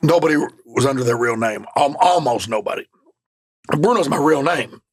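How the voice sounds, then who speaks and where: An older man with a Southern American accent, a podcast guest telling lively stories with frank swearing. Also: mid-range voice, normal speed, breathy edge. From Southern United States. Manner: animated anecdotes, swears freely, acts out quoted people. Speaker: former pro wrestling manager and wrestler, podcast guest. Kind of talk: casual storytelling interview.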